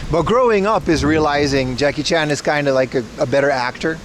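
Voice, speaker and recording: A man's voice: a little high, slight background noise. A man streaming live while browsing a secondhand electronics shop indoors, rambling and cracking jokes to his chat on a mobile rig. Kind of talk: casual IRL livestream commentary.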